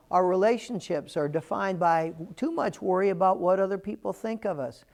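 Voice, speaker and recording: A man's voice: high voice, darkish tone. A man presenting a motivational values lesson as a coach, speaking earnestly and emphatically in a conversational way. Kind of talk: motivational teaching talk.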